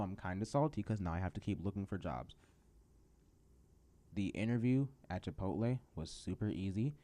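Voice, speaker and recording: A teenage guy hosts his own podcast with a low-pitched voice. He rants in a sarcastic, excitable way and often jumps up in pitch for emphasis. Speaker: podcast host. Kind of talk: solo rant podcast.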